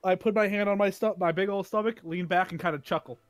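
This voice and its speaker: A man playing in a tabletop game, describing his character's actions in a hesitant, halting way. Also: high voice, fairly even intonation. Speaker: player. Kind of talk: tabletop role-play.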